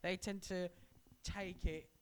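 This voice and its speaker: A man with a high-pitched voice co-hosts a casual chat podcast. He lectures in long, run-on explanations, and a faint hiss sits under the recording. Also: fairly even intonation, takes it slowly. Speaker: podcast co-host.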